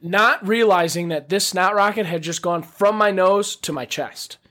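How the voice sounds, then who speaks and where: A man with a high voice and a slightly slow delivery casually tells crude stories and ribs his friends on a podcast. He's animated and crude, a storyteller in casual chat.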